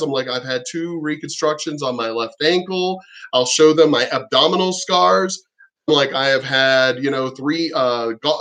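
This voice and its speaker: A man's voice: fairly high pitch, a bit bright. A middle-aged man and military veteran talking casually to camera in a rambling, profane way, acting out what other people told him.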